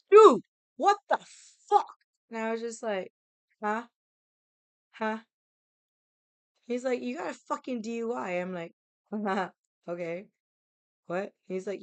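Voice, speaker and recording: A young woman telling a story in an animated, casual way, laughing and swearing as she acts out every voice in it. Her voice is smooth and clear. The sound is dry and close, with no room echo. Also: mid-range voice. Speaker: vlogger.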